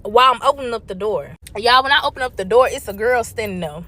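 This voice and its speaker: A woman telling a personal story to viewers in a casual, animated and profane way. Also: on the high side, quick pace.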